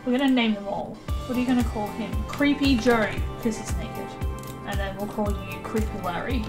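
Chatty high-voiced woman gaming. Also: moderate pace, music in the background. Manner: chatty, bossy toward game characters, laughs often. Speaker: let's play gamer. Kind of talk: casual gameplay commentary.

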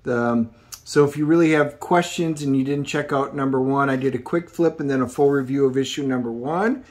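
A man's voice: mid-range voice, fairly quick. A middle-aged man hosting a casual comic book review video, rambling through the plot with many ums and uhs.

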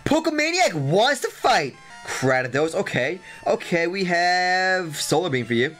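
Here a high-pitched man takes an unhurried pace, yet his let's play commentary stays excitable and jokey, with plenty of exclamations and repeated lines. Soft guitar music can be heard in the background.

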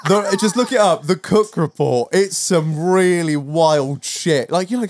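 A young man co-hosting a podcast, full of laughter as he tells a story. His pitch swings widely as he slips into impressions of a TV presenter. He speaks in loose, casual banter. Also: lively intonation, moderate pace, hardly any pauses. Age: under 35. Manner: laughing, mimics TV presenter in bursts. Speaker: podcast co-host.

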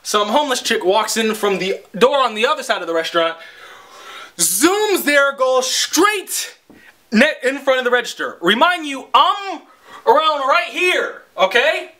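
A man's voice: very high-pitched, sing-song, a little slow, sharp tone. A young man telling a long, profane, exasperated story as a vlogger. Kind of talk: casual storytelling rant.

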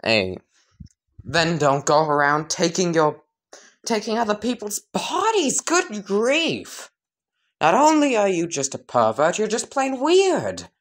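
A woman's voice: medium pitch, big pitch swings, slow, voice pushed up. A woman voicing a crude, sarcastic teenage boy hero who stammers a little, in a comedic fan story. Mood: scolding.

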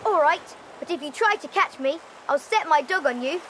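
A woman's voice: high-pitched, animated, normal speed, a bit bright, slight background noise. A woman playing a sulky, defiant young boy. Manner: sulky and wary. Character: scraggy wet defiant boy of about eleven. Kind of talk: dramatized audiobook acting.

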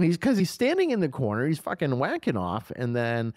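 Animated, profane man reviewing a movie. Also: on the high side, fairly quick, dry recording, clean studio sound. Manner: animated, profane, excitable retelling. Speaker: podcast co-host. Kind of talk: casual movie review chat.

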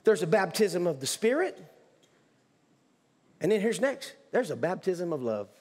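A male pastor preaching in a church sanctuary, his voice high and animated. He talks emphatically, repeating and restarting phrases. A long hall reverb trails behind each line. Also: unhurried. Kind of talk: sermon.

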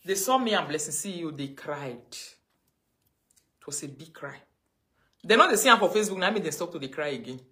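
A Nigerian woman ranting on a livestream, mocking and scolding, her voice swinging between loud outbursts and low mutters. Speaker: livestream host. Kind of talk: casual livestream rant.

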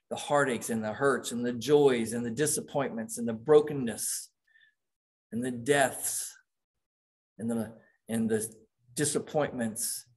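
A middle-aged man preaching a sermon as pastor, reading quoted passages aloud with dramatic emphasis. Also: mid-range voice.

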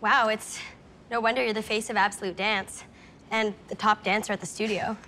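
An actress playing an eager, ambitious newer dancer in a teen TV drama, with a flattering manner. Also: female voice, medium pitch, normal speed, close to an everyday voice.

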